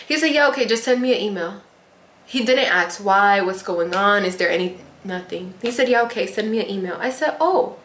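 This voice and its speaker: A young woman telling a personal story to her viewers in an emotional, animated, chatty way, speaking straight to them. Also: medium pitch, a little fast. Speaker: influencer. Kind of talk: storytime vlog. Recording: echoey room.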